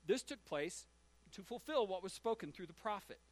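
Pastor, male, higher-pitched voice, storytelling sermon delivery, dry close mic. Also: lively intonation, moderate pace, dry recording. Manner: storytelling, acts out shouted quotes.

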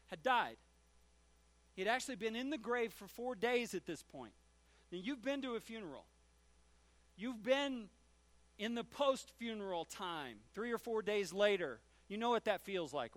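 A man preaching a sermon as a pastor, retelling scripture stories and acting out the quoted lines. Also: sits high. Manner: storytelling, acts out shouted quotes.

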